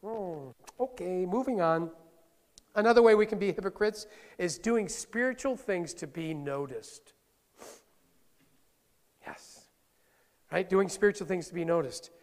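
A middle-aged man preaching in a church sanctuary, his voice high for a man and gravelly with fry. He keeps it conversational, tossing playful asides to the congregation. The sound carries a long hall reverb. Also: lively intonation, measured pace, long pauses. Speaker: pastor. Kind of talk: sermon.

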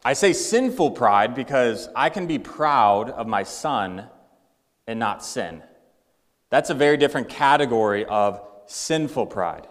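A man's voice: mid-range voice, lively intonation, unhurried. Storytelling preacher man in an echoing hall. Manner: conversational, acting out examples. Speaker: pastor. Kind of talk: sermon with storytelling.

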